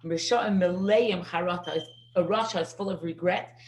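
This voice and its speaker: Middle-aged woman, class teacher, lively storytelling, echoey room. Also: fairly low pitch, moderate pace. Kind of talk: parenting class lecture.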